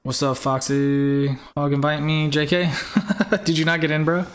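A man's voice: fairly high pitch, flat delivery, a little slow. A young man hosting a live game stream in casual chat, greeting viewers by name and firmly repeating himself.

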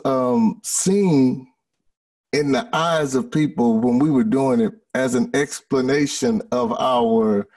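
A man with a gravelly, husky voice talks in a halting way, stumbling over the first words before he lands his point with emphasis. He sounds far from the microphone, as if coming through a distant video call. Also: medium pitch, darkish tone. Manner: halting, stammering starts, emphatic. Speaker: podcast co-host. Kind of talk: casual conversation.

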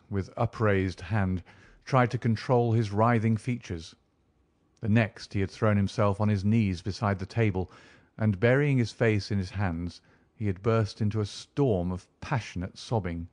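With a voice on the low side, a man narrates an audiobook at an even, measured storytelling pace. The recording is dry.

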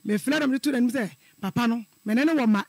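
A man's voice: very high-pitched, quick pace, creaky, no echo. A middle-aged man calling in to a radio show, telling a personal story in an earnest, repetitive way. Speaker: caller.

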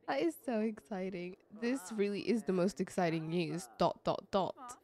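A woman's voice: medium pitch, expressive, moderate pace, few pauses, a little mellow. A woman giving casual, chatty gameplay commentary, gushing and giggling as she goes. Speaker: let's play creator.

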